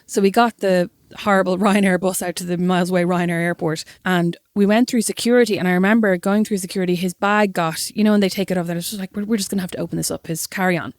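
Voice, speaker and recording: A young Irish woman co-hosting a podcast, telling a story in a lively, self-mocking way. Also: lowish voice, fast, few pauses, dry recording, clean studio sound. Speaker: podcast co-host. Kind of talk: casual chat, storytelling.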